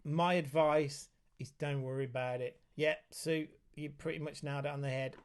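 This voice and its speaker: A man's voice: fairly high pitch, fairly even intonation, moderate pace, clear, resonant tone. A man hosting a casual live Q&A for parents at home, chatty and easygoing, breaking off to talk to his child. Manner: chatty, reads out viewer comments, talks aside to his child. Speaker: autism specialist hosting a parent Q&A.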